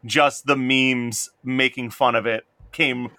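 Man, podcast co-host, bright voice, dry sound, laughs a lot, casual chat. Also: fairly even intonation, takes it slowly, no room sound. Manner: laughs often, mimics people in high voices.

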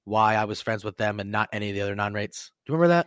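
A man co-hosting a podcast, telling profane, animated stories and shouting out quoted lines. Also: fairly low pitch, racing, clear, resonant tone, no echo, clean studio sound. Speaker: podcast co-host. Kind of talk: casual storytelling chat.

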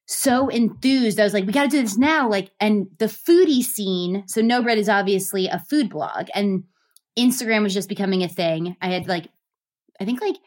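A woman in her thirties, a guest telling her story in a lively, gushing way with many fillers. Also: medium pitch, normal speed. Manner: animated, gushing, lots of fillers. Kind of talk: casual storytelling interview.

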